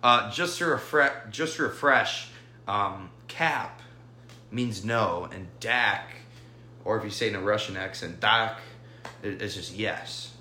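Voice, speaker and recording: A man's voice: on the low side, a little slow, sharp tone, reverberant, a little hiss or hum. A young man co-hosting a casual sports podcast, wry and teasing in his delivery. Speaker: podcast co-host.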